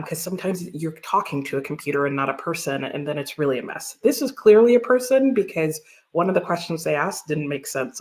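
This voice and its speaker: A woman hosting a live stream, chatting casually, often laughing and greeting viewers from the chat. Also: low voice. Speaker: livestream host.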